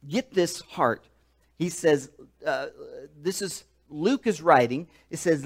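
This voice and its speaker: A male pastor with a slightly high voice preaches a sermon in an emphatic, animated way. He repeats words and restarts phrases as he builds his story. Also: slow pace.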